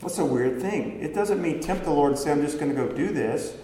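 A man delivers a sermon in a relaxed, mellow voice, talking to his congregation and asking them question after question. His words ring through a roomy hall with a long, echoing tail. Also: fairly high pitch, fairly quick, a little hiss or hum. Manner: conversational, asks the congregation rhetorical questions. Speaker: preacher. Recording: echoey hall with long reverb, faint ambience.

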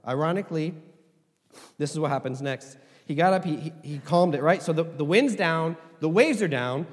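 A man preaches in a loose, conversational way, his voice sitting high and leaping up and down as he makes his points. He drifts into asides and chuckles before coming back to the message. The sound carries a long hall reverb. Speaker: pastor. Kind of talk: sermon.

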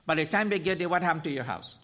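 Speaking very fast, the male guest preacher has a high, bright and forceful voice. He makes his sermon emphatic, hammering points with repeated phrases and shooting rhetorical questions at the congregation.

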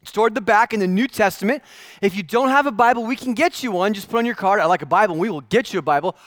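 Pastor, male, young adult, high-pitched, chatty self-deprecating sermon, dry close mic. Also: fast talker, fairly bright tone, no room sound. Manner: casual, self-deprecating storytelling with filler words.

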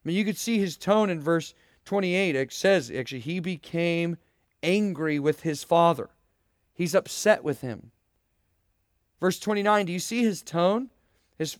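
A man's voice: high-pitched, moderate pace, no echo, studio quality. A young man preaching a sermon, earnest and emphatic, asking rhetorical questions and addressing students directly. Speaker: pastor.

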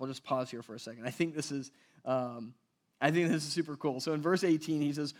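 A man preaching a casual, conversational sermon, animated and acting out the people in the passage. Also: medium pitch, brisk. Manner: animated, conversational, acts out voices in quotes. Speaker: pastor.

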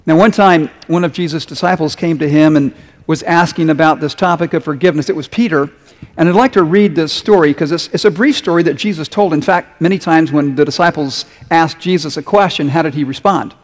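Guy preaching a sermon, kinda high voice, echoey church hall, asks the crowd questions. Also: fairly quick. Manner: conversational preaching with rhetorical questions. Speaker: pastor.

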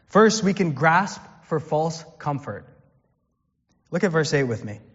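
A pastor preaches a conversational sermon, quoting scripture in a very animated, fairly bright voice on the high side at a measured pace. The recording sounds dull, with long hall reverb.

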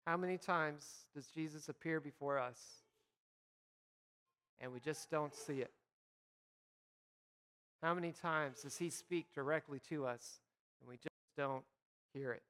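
A man's voice: on the high side, slow, long pauses, a bit bright, clean tone. A man preaching a sermon as a pastor, reading scripture and acting out imagined conversations in a conversational way. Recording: reverberant hall.

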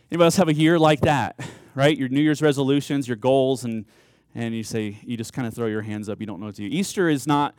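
A man's voice: a little high, no room sound. Earnest, conversational male pastor, dry sound. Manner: conversational, earnest, with frequent restarts and repeated words. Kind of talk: sermon.

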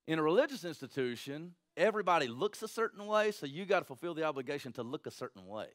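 A pastor with a fairly high, fast-paced voice preaches to his congregation in an animated, conversational way. He keeps tossing "right?" out to the crowd.

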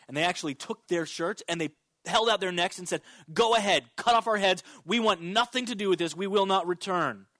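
High-voiced preaching male pastor. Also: sharp tone, dry recording. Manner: preaching with emphatic rises and drops. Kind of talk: sermon.

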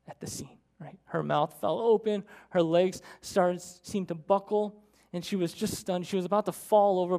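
A preacher telling a story in a sermon, with animated, dramatic storytelling. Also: medium pitch, gravelly.

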